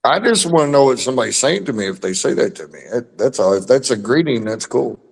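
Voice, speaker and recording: A man's voice: medium pitch, lively intonation, fast talker, gravelly, breathy edge, big-room sound. A man in a casual livestream chat, asking puzzled questions.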